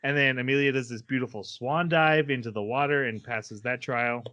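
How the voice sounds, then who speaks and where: A man's voice: mid-range voice, moderate pace, bright, forceful tone. Man rambling through a plot recap. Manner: rambling plot retelling with fillers and laughs. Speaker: podcast co-host. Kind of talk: casual anime recap chat.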